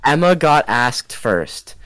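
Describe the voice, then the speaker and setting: Young man, casual podcast chat, rambling storyteller, lively pitch, dry close sound. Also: takes it slowly, no room sound. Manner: rambling, self-interrupting storyteller with frequent laughs. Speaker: podcast co-host. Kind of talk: casual chat among friends.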